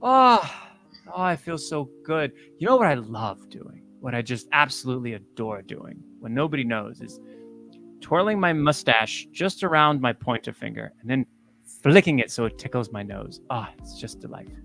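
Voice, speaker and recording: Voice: medium pitch, very animated, normal speed, creaky, a bit bright, faint music behind. A tabletop game master voicing a smug, drugged villain boss with a waxed mustache, talking in a pompous drawl. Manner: pompous and drawling, calls others "my dear". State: drugged and giddy.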